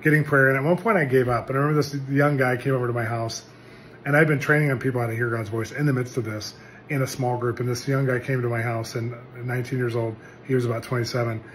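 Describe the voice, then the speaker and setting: A man's voice: mid-range voice, fast, slight background noise. Earnest man telling a testimony. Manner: earnest, animated storytelling with acted quotes. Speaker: pastor. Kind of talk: testimony sermon.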